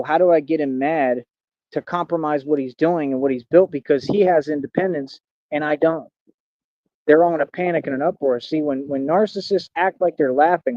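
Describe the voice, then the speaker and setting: A man's voice: a little high, no echo. A man in his thirties ranting on a livestream in a brash, boastful, confrontational way. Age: 30s. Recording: dull lo-fi dry sound.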